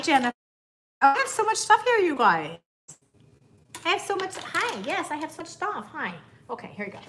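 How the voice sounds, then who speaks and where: A woman's voice: high voice, bright, forceful tone, slight background noise. A woman hosting a casual live stream, bubbly, greeting viewers by name and cooing to her dog. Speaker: livestream host.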